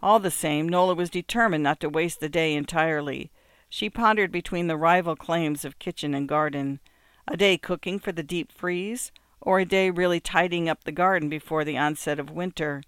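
A man narrating an audiobook in a measured, even storytelling manner. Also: fairly high pitch, smooth, no room sound, studio quality.

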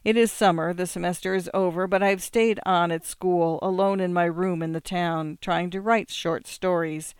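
A measured, reflective narrator reading literary fiction aloud. The voice is smooth and resonant, recorded on a close studio mic with a completely dry sound. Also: medium pitch, fairly even intonation, no echo. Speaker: audiobook narrator.

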